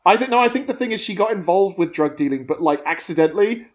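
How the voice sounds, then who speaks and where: A woman's voice: on the low side, lively intonation. A woman hosting a casual film review chat, joking and acting out silly scenarios. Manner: jokey, quick to act out silly scenarios. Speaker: podcast host.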